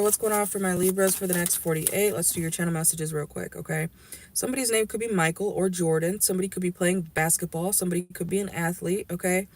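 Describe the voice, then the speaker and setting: A tarot reader in a car giving a casual, rambling and blunt reading to viewers, swearing freely. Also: mid-range voice. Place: inside a car.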